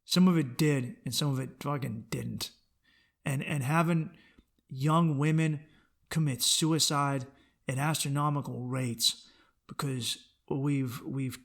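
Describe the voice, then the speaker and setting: A young adult man hosting a solo podcast, with a somewhat high voice full of gravelly fry. He rambles and swears freely, and now and then jumps into loud, animated outbursts. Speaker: podcast host. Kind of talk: casual solo podcast rant.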